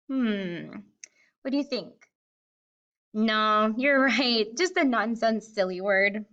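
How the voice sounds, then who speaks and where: Very slow-talking woman teaching phonics. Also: a little high, lively intonation, fairly bright tone, low-quality recording. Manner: slow, sounds out words one sound at a time. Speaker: kindergarten teacher. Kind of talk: phonics lesson for young children.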